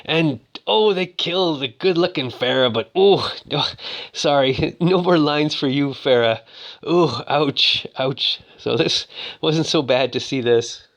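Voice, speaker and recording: A man's voice: a little high, slow pace, fairly bright tone. A man casually retelling a movie in a rambling, joking way, full of fillers. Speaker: narrator.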